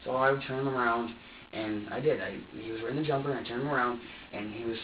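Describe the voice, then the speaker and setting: A man's voice: mid-range voice, steady tone, fast talker, recorded from a distance. A young man in his twenties speaks in an agitated, rambling, profane way during a police interrogation, restarting his sentences over and over. He is heard from across a roomy interview room. The recording is dull and lo-fi, with a faint hiss underneath. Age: 20s. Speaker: suspect being interviewed. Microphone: room camera from a distance.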